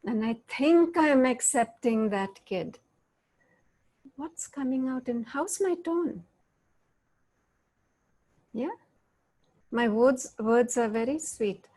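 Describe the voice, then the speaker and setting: Middle-aged woman facilitator, a fairly high voice, an unhurried delivery, and many questions put to the group, heard over a video call. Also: lively intonation, darkish tone. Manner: questions the audience often, demonstrates tones of voice. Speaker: workshop facilitator. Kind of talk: interactive online talk.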